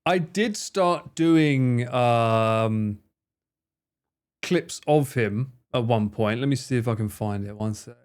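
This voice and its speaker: A man's voice: medium pitch, slow pace, a little mellow, clear, resonant tone. A man hosting a livestream, chatting casually and in an amused way as he reacts to clips and thinks aloud. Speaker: livestream host.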